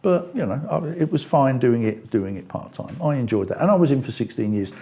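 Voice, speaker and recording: A middle-aged man from England, talking politics in an interview, getting animated and climbing in pitch as he makes his points. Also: a little fast, creaky. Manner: animated, rising pitch when making points. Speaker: party member interviewee.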